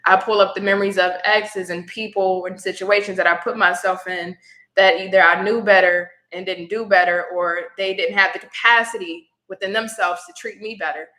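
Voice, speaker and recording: A woman's voice: medium pitch, fairly even intonation, normal speed, pushed and bright, echoey room, poor audio. A woman tarot reader, a guest in an interview, telling her personal story in a reflective way and becoming teary at times. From Houston area.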